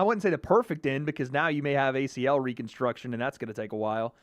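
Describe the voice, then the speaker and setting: An American man hosting a live fight watch party, reacting with loud, excitable exclamations. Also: mid-range voice, quick pace, dry recording. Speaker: livestream host.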